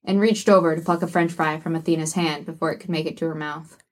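A woman narrating an audiobook in a lowish voice. She tells the story with a wry, even delivery. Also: fast talker.

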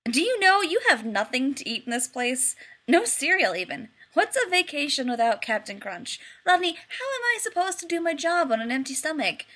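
A woman's voice: high voice, very animated, moderate pace, bright, forceful tone, voice pushed up, heavily acted. A woman voicing a cheeky, upbeat young man who teases everyone in an audiobook reading. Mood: breezy. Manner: upbeat and teasing. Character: cheeky breezy young man, fake psychic.

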